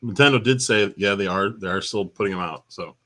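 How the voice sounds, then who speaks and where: A man's voice: lowish voice, a little fast, a bit bright. A man co-hosting a casual gaming chat show, telling stories and laughing often.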